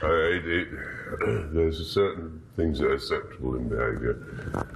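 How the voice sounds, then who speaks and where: An older man talking in a gruff, blunt way. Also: rumbling low, moderate pace. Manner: gruff, blunt, says "darling". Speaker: reality-show contestant. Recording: noisy house microphone.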